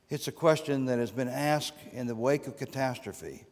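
A man's voice: moderate pace, few pauses, darkish tone. Man preaching in a reverberant church. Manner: dramatic rises and drops in pitch and volume. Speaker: guest preacher. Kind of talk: sermon. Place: church sanctuary. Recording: long reverb of a church sanctuary.

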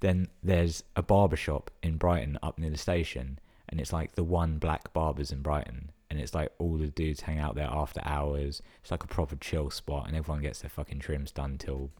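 A man's voice: a bass voice, steady tone, normal speed, hardly any pauses, darkish tone. A young man tells stories casually, swearing a lot and filling his talk with 'like'. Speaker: vlogger telling stories. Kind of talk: casual storytelling.

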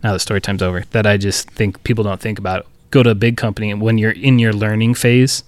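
A man's voice: fairly low pitch, fairly even intonation, quick pace, dry recording. A man co-hosting a podcast, telling a workplace story in a loose, profane, chuckling way. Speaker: podcast co-host. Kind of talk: casual storytelling chat.

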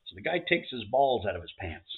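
A man co-hosting a comedy podcast, telling long jokes in a casual, animated way and doing voices for the people in them. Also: fairly low pitch, brisk. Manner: animated joke teller doing character voices. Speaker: podcast co-host. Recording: tinny phone-like audio.

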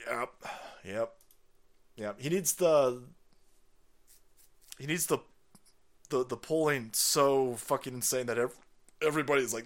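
A middle-aged man hosting a casual livestream, rambling and profane, reading chat and bursting into yells and laughter. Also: mid-range voice, moderate pace, pauses often. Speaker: livestream host.

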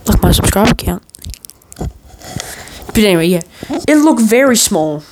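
With a high, sing-song voice at a normal pace, a male podcast host spins a meandering story, joking, cursing and starting over as he goes. There's noise in the background.

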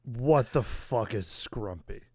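A man co-hosting a podcast, animated and exclamatory, filling his talk with likes. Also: medium pitch, slightly rough, no room sound, studio quality. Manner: animated, quick to exclaim, many filler likes. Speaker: podcast co-host, musician. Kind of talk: casual chat.

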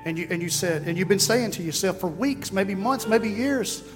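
A man's voice: high-pitched, lively intonation, normal speed, few pauses. A pastor preaching a sermon, fervent and folksy, repeating his phrases. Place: church sanctuary. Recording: reverberant hall with music behind.

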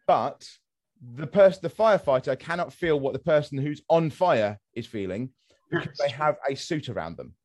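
A man's voice: a little high, darkish tone. A man in his thirties hosting a podcast, arguing his opinions with many restarts and repeated words. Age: 30s. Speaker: podcast host. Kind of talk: casual podcast discussion.

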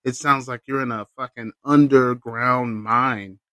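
A man hosts his own podcast and talks through a personal story alone. His delivery is loose, profane and animated. His voice sits at an ordinary middle pitch, and the recording is close and dry with no room sound. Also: a little slow, dry recording. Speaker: podcast host. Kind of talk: casual solo storytelling.

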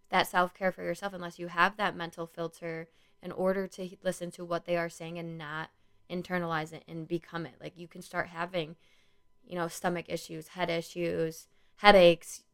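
A woman's voice: fairly low pitch, a bit bright. A young woman who works as a school social worker, talking earnestly and loosely in a casual solo podcast, with lots of "like" and "you know". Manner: rambling, earnest, many "like" and "you know" fillers.

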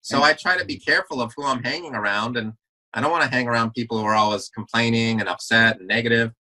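A man's voice: medium pitch, quick pace, sharp tone, poor audio. A man talking earnestly as a podcast guest in a casual interview, often repeating words as he restarts his sentences.

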